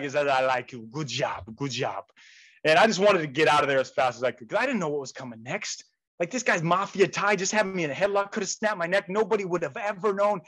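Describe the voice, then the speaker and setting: A man telling stories in an animated way during a motivational talk over a video call. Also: fairly high pitch, rough recording. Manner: animated storytelling with quoted voices. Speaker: motivational speaker.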